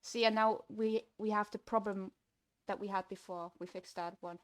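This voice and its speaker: A woman's voice: medium pitch, steady tone, normal speed, clean tone. Chatty young woman coding on stream. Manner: chatty, self-talking, swings from frustrated to gleeful. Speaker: game developer streamer. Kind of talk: casual livestream commentary while coding.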